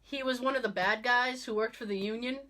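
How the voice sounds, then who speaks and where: A woman hosting a podcast, telling a story in casual chat, animated and laughing often as she acts out quotes. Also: on the high side, brisk. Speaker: podcast host.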